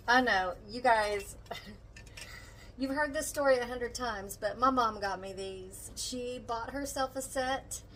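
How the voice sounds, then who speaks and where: Chatty grandma cooking on camera. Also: female voice, fairly high pitch, a bit bright, slight background noise, low-quality recording. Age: older. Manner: chatty, tender, emotional. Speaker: vlogger. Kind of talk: casual vlog chat while cooking. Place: home kitchen.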